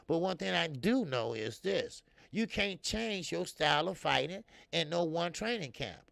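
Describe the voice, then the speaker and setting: A man's voice: on the high side, expressive, measured pace, gravelly, fairly bright tone, no room sound. A man hosting a boxing talk show, rambling and swearing freely while he answers viewer comments. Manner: loose, profane and rambling, with many fillers. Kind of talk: casual live-stream commentary.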